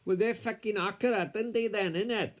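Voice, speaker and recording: A man's voice: sits high, fairly quick. A man bickering in an improvised comedy sketch, putting on an accent that drifts between Welsh and Scouse, swearing constantly and ending lines with innit, recorded on a tablet camera. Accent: put-on mix of Welsh and Scouse.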